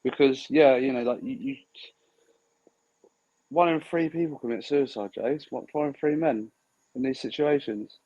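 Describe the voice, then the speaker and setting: A man's voice: mid-range voice, moderate pace, pauses often, dark tone, muffled recording. A man in casual podcast chat, blunt and swearing freely, telling stories and acting out what others said. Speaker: podcast co-host.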